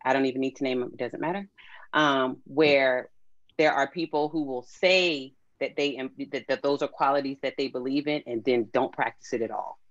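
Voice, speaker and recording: A woman's voice: a bass voice, no room sound. Reflective woman on dull, dry call audio. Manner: measured, reflective, many restarts. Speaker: guest. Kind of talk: panel discussion.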